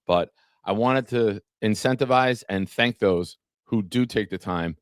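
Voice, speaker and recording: A man's voice: on the low side, a little slow, no echo, studio quality. A man hosting a casual live-streamed sports talk show, chatting with viewers by name and reading from an article. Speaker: podcast host.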